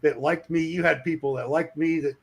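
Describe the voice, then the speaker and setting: Brief: animated man spinning a foul-mouthed shop-floor yarn, slightly high voice. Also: brisk, vocal fry, slightly rough. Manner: animated, acts out shouting coworkers. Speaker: streamer telling a work story. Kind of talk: casual storytelling with profanity.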